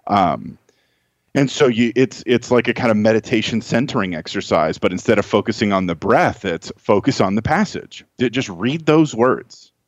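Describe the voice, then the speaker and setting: A man's voice: lowish voice, expressive, normal speed, no room sound. A man as a guest tutor on a podcast, explaining study advice in a conversational way with many restarts.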